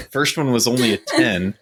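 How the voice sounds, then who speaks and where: A man playing a tabletop game who reports his poor rolls in an animated, self-deprecating way. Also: mid-range voice, slow, slightly rough. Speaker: player.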